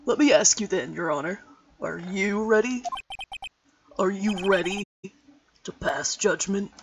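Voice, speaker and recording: Arrogant drawling prosecutor, a woman's deepened voice, set back from the mic. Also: measured pace, far from the mic, noisy background, natural voice. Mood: smug. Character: cocky, arrogant rookie male prosecutor. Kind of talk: fan voice-over of a game.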